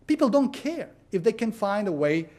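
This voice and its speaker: High-voiced man telling sermon stories. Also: sing-song, moderate pace, darkish tone. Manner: storytelling, frequent "uh" and "you know". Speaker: preacher. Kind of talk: sermon with anecdotes.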